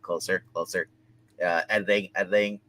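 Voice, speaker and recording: A man co-hosting a TV recap show, telling the plot in a rambling, halting way with many fillers and restarts. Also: deep voice, flat delivery, a bit bright. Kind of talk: casual TV episode recap.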